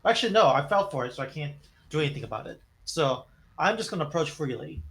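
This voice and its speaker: A man's voice: on the high side, very animated, fast talker, creaky, a bit bright, rough recording. A man playing a tabletop game, thinking his moves through aloud. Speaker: player.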